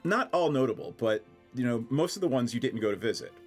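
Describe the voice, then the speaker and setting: A man running a tabletop game as game master, narrating in a relaxed way with fillers. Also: medium pitch, fast talker, breathy edge, soft background music.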